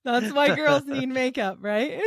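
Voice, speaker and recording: Animated woman spinning funny stories. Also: slow pace, vocal fry, a little hiss or hum. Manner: animated storyteller, acts out quotes in a higher voice; laughs often, swears casually. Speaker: podcast guest. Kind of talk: casual podcast chat.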